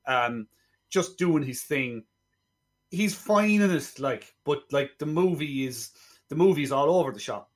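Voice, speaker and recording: A man's voice: fairly high pitch, expressive, unhurried. A man co-hosting a film podcast, rambling through a plot retelling in casual review chat.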